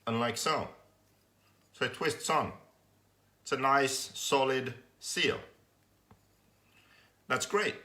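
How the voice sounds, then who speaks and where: A young man hosting a live workshop stream, telling a story with lots of swearing and loudly acting out his frustration. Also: medium pitch, slow, pauses often. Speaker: host of a live workshop show.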